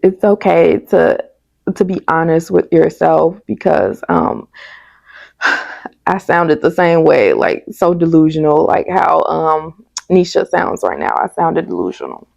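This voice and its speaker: A woman's voice: sits low, lively intonation, unhurried, vocal fry, a little mellow, no room sound. A woman reviewing a TV episode in casual, candid commentary, chatty and prone to tangents, on a dull lo-fi recording. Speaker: TV show reviewer.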